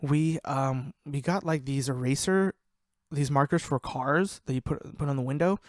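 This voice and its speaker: Profane, laughing and animated, a young man hosts a podcast and swaps casual stories about his buddies. He speaks at a moderate pace in a medium-pitched voice, recorded at studio quality with no room sound.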